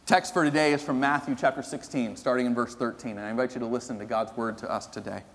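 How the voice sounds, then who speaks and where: A man preaching a sermon as pastor, telling a story that moves from animated to hushed and earnest. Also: mid-range voice, fast talker. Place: church sanctuary. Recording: long reverb of a church hall.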